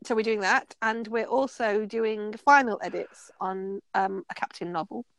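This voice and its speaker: A woman chatting casually as a podcast co-host, full of enthusiasm and quick to laugh. Her voice sits in an everyday middle register. The recording is close and dry. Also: mid-range voice, a bit bright, dry recording. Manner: enthusiastic, playful, laughs often. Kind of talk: casual chat.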